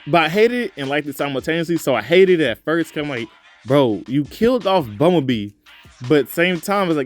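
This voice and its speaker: A man casually reviewing a movie in a vlog, talking in a loose, rambling way with lots of fillers and profanity, sometimes jumping into excited high-pitched reenactments.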